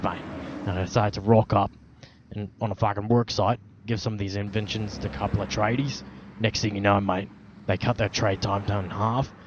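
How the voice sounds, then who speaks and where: Boastful swearing man with put-on Aussie accent. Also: fairly low pitch. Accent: put-on Australian. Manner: boastful, swears constantly, lots of Aussie slang. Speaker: roleplaying vlogger. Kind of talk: in-character roleplay monologue. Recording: dull lo-fi outdoor recording with traffic noise.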